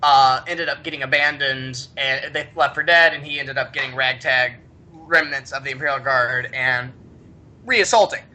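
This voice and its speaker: A man co-hosting a casual podcast, telling long stories in a rambling, animated way. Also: medium pitch. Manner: rambling, animated, many restarts. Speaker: podcast co-host. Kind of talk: casual chat, storytelling.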